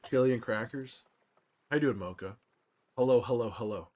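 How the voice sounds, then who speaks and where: A laid-back young man talking to his live-stream chat, greeting viewers by name and rambling about food and movies. His voice sits at a middle pitch, and his delivery is loose and conversational. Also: normal speed. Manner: relaxed, rambling, chatty, answers chat by name.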